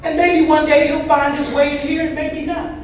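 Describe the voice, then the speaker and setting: Woman voice interpreter, medium pitch, easy humorous storyteller, picked up from far back in a very echoey hall. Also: level tone, normal speed, slight background noise. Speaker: voice interpreter for a signed recovery talk. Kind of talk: first-person interpreted speaker talk. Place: large convention hall.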